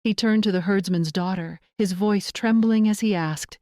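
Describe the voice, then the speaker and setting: A woman reading a storybook tale in gentle, measured scripted narration. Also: medium pitch, dry recording, clean studio sound.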